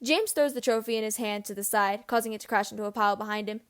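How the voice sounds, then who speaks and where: A woman reading fan fiction aloud as narrator, in steady storytelling narration. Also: medium pitch, fast, clear, resonant tone. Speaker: reader.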